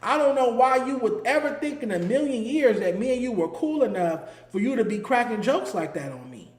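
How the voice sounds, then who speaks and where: A man's voice: very high voice, sing-song, fairly quick, roomy sound. A man hosting his own commentary show, talking in a heated, emphatic way and hammering his points home through repetition. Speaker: host. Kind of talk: solo commentary.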